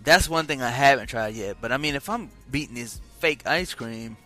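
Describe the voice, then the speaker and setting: A man co-hosting a casual chat, chiming in with quick reactions and laughing asides. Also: medium pitch, lively intonation, pushed and bright, soft background music. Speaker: podcast co-host.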